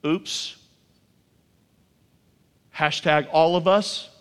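A man preaching a sermon to a congregation, emphatic and full of rhetorical questions, drawing out key lines slowly. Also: a little high, steady tone, smooth. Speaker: pastor. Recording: long hall reverb.

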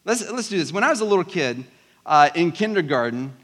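A man's voice: on the high side, very animated, brisk, a bit bright. A pastor from South Georgia with a Southern accent, preaching a conversational sermon to his congregation. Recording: long hall reverb.

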